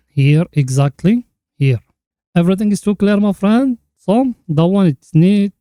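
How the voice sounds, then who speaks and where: Man, fairly high pitch, chart analysis commentary, repetitive catchphrases, earnest. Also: mellow, dry recording. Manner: keeps addressing the listener as friend, repetitive catchphrases; earnest, instructive. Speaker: crypto chart analyst host.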